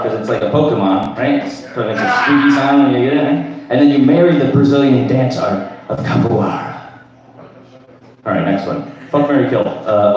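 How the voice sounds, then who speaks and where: A man's voice: mid-range voice, lo-fi sound. Man doing rambling crude stand-up. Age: 30s. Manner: crude, rambling, tags lines with "right?". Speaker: stand-up comedian. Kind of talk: open mic stand-up. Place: comedy club stage. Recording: echoey room from far off.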